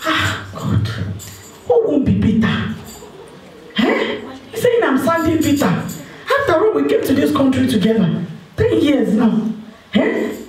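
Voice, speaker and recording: A woman with a Nigerian accent playing a single woman desperate to marry, pleading and complaining on a phone call in a church stage drama, with bursts of shouting. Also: high voice, very animated, slow pace, pauses often, exaggerated voice. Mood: bitter. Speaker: stage actor. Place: stage in an echoey hall. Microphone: distant mic. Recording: echoey hall, distant microphone.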